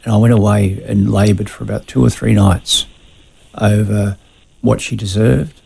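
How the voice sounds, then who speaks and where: A man speaking as a radio interview guest, measured and confessional about his past. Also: on the low side, fairly even intonation, creaky, warm tone, slight background noise, low-quality recording. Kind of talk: personal testimony in a radio interview.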